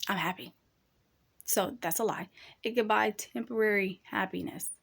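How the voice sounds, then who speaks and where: A woman's voice: mid-range voice, moderate pace, creaky, fairly bright tone, husky. A young woman hosting a casual advice talk, speaking candidly and chattily, addressing listeners as y'all. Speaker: podcast host.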